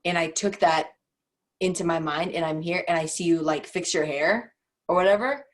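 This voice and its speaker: A young woman talks as a guest on a casual podcast. Her voice sits a little low for a woman. She thinks aloud, giggles often, and acts out gentle ways to phrase things. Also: normal speed.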